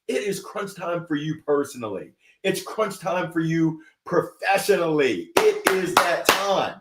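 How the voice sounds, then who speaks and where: Man in his 40s, upbeat motivational host, hype delivery, a bit high-pitched, roomy echo. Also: measured pace. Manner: energetic, hype, lively call-outs. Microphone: livestream setup.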